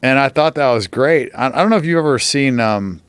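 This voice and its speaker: A man's voice: mid-range voice, expressive, fairly quick, clean tone, no echo. A man telling a long story as a podcast guest, swearing often and filling his speech with "like" and "you know". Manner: profane, filler-heavy storytelling. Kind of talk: casual storytelling. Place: podcast studio.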